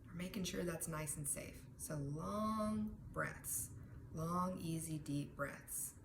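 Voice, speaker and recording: A woman teaches calming techniques in a relaxed, conversational way, often checking in with "right?". Her voice sits low for a woman. The sound is echoey, with steady background noise. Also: slow. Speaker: wellness educator.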